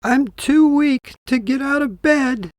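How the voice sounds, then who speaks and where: A man's voice: takes it slowly, no room sound, studio quality. A man doing a frail old grandmother. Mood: feeble. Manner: weak, thin and high.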